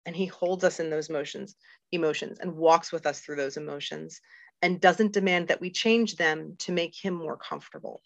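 A woman's voice: low-pitched, fairly even intonation, normal speed, creaky, no room sound. A middle-aged woman, a guest on a faith podcast, talking candidly and earnestly with many fillers and restarts. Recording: dull lo-fi dry recording.

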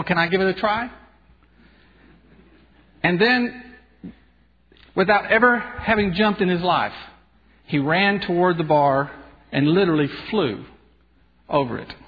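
A male radio host giving an earnest, conversational inspirational talk and telling stories. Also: a little high. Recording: dull sound with long hall reverb.

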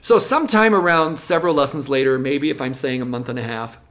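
A music teacher explaining classroom methods in an interview, lively and now and then acting out classroom voices. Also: medium pitch, fast.

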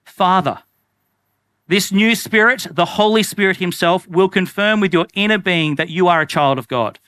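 A man's voice: high voice, normal speed, sharp tone, smooth. A man preaching an earnest, conversational sermon as a pastor, repeating phrases for emphasis.

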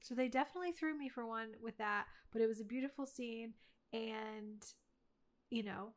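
A woman's voice: on the high side, normal speed. A woman co-hosting a casual movie review chat, talking in a gushing, chatty way with lots of fillers. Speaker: podcast co-host.

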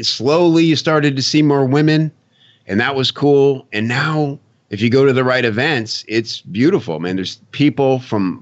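Low-voiced man hosting a podcast. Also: lo-fi sound. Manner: loose, conversational, many fillers. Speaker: podcast co-host. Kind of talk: casual podcast chat.

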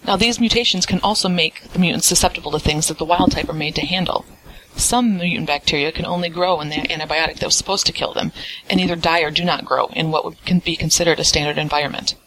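A woman's voice: sits low, fairly even intonation, quick pace, fairly bright tone, slight background noise, low-quality recording. A young woman, an undergraduate, reading out a recorded listener message in an earnest, explanatory way. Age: young adult. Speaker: listener sending audio feedback. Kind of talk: read-aloud voice message.

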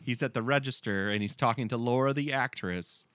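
A man's voice: medium pitch, fairly quick, dry recording, studio quality. A man co-hosting a casual chat, recapping a film scene by scene and acting out the quoted lines. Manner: animated storytelling, acts out quoted lines. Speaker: podcast co-host.

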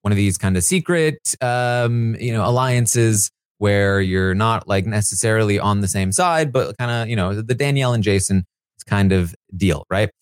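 A man's voice: on the low side, moderate pace, smooth, no echo, clean studio sound. A man hosting a casual solo recap, talking loosely with many fillers and restarts. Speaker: live feed recap host.

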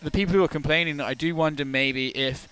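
A man's voice: a little high, steady tone, fast, a bit bright, clean tone, soft background music. A man, a podcast guest, chatting frankly about fights, swearing casually and restarting his sentences. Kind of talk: casual sports chat.

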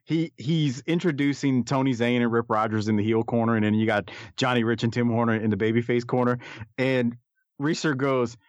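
A man's voice: medium pitch, steady tone, fast, hardly any pauses, dry recording. A man co-hosting a casual podcast, talking with hesitant restarts and easy laughter. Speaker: podcast co-host. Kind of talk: casual podcast review chat. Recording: dull, dry lo-fi mic.

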